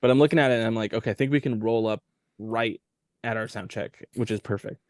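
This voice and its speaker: A man's voice: lowish voice, quick pace, a little mellow, dry recording, clean studio sound. A man telling a touring story as a podcast guest, rambling with lots of filler words. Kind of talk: casual storytelling chat.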